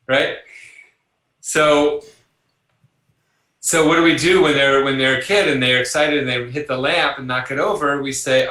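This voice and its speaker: An older man, a psychologist, talking through an interview in an animated way and acting out voices in his stories. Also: medium pitch, normal speed, echoey room, low-quality recording. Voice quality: animated, acts out voices in anecdotes. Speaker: psychologist guest. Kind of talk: conversational interview.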